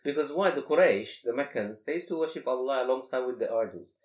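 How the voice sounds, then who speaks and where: A man teaches a class on Quranic grammar in a mid-range voice. He keeps asking the students rhetorical questions and recites Arabic verses quickly. The recording has the echo of a classroom. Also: mid-range voice, animated. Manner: explanatory, asks the class many rhetorical questions. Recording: echoey room.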